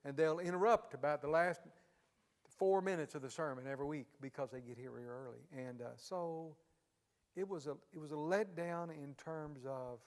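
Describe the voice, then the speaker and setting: Long hall reverb surrounds this middle-aged pastor, whose voice is a little high and moves at a moderate pace. He jokes, says "man" a lot, and keeps the Q&A casual and folksy.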